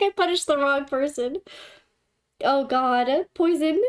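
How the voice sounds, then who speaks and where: A woman's voice: very high-pitched, measured pace, long pauses. A young woman hosting a livestream, chatting with her viewers in a giggly, dramatic, playfully scolding way. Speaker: livestream host. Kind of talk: casual livestream chat with viewers.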